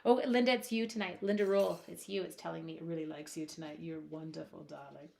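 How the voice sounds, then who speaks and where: A woman's voice: lowish voice, fast talker, creaky, a little mellow, slight background noise. A woman chatting casually while demonstrating crafts at her home desk on a live stream, reading out viewers' comments and talking to her supplies.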